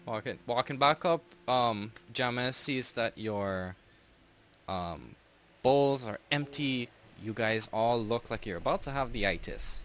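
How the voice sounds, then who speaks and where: Game master guy narrating, chill and wry, voice bounces around a lot. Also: mid-range voice. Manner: relaxed, wry, trails off and restarts.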